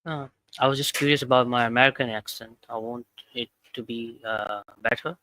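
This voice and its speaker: Hesitant man with a bright flat voice. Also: mid-range voice, normal speed, no room sound, poor audio. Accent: South Asian English. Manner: hesitant, many ums and uhs. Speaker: English learner. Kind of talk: casual chat.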